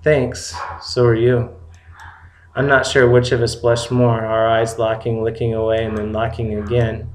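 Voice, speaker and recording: A man's voice: on the low side, little pitch movement, normal speed, few pauses, slight background noise. Man reading a story in an echoey room. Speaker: story reader. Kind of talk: first-person story narration. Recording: roomy echo.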